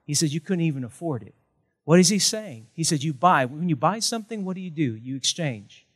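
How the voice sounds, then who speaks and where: A man preaching, his voice sitting a little high for a man. He drives points home through punchy repeated lines and slips in jokes along the way. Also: animated, a little fast, fairly bright tone, husky. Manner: emphatic, punchy repetition with jokes. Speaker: pastor. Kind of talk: sermon.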